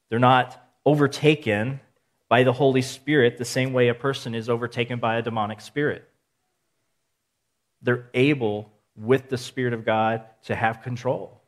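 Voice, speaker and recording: A male pastor giving a measured sermon, teaching point by point and asking rhetorical questions. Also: mid-range voice. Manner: steady, counts points aloud.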